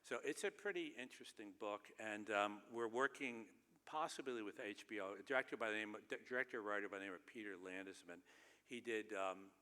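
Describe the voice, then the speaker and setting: Male keynote speaker, bright tone, dry humorous storyteller, recorded in a reverberant theater. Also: fairly low pitch, brisk. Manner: wry, self-deprecating storytelling with chuckles. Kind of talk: humorous anecdotal speech. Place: large theater stage. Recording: long reverb of a large theater.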